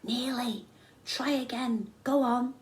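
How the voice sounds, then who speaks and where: A woman reading the part of a calm, encouraging male climbing instructor, coaxing and reassuring, from a storybook. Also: a little high, slow, pitched above the performer's own voice. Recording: echoey room.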